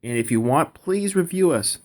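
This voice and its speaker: A man's voice: a little high, animated, moderate pace, darkish tone. A man hosting a podcast, talking in a chatty, upbeat way with apologies mixed in. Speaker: podcast host. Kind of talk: podcast intro and outro.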